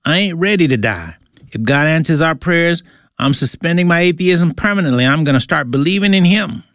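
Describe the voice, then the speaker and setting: A man's voice: a little high, expressive, fairly quick, a bit bright, dry recording, clean studio sound. A man voicing a frightened young male sailor talking in plain, colloquial speech. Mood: scared.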